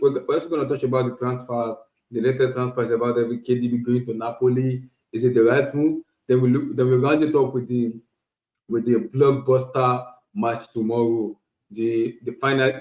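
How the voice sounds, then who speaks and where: A man hosting a casual solo football talk stream, animated and repetitive, often restarting phrases. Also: mid-range voice, roomy sound, poor audio. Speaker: podcast host. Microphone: streaming setup.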